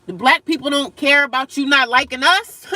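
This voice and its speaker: A woman on a livestream reads and answers chat comments bluntly, with animated profanity and frequent laughter. Her voice sits high at a normal speed, with no echo.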